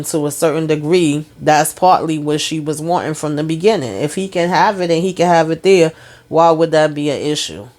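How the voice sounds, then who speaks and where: A woman's voice: sits low, darkish tone. A woman hosting a casual TV episode recap, chatty and talking straight to her viewers. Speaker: TV recap host.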